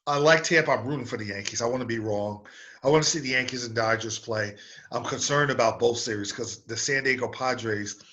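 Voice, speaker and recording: A man's voice: mid-range voice, bright, forceful tone, dull audio. A man hosting a sports radio show, delivering an opinionated, emphatic monologue that repeats words to stress a point.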